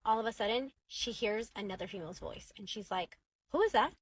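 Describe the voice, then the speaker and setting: A woman's voice: medium pitch, fairly quick, slight background noise. A woman casually recapping a drama-filled story, chatty and dramatic, peppering it with "like". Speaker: storytime narrator.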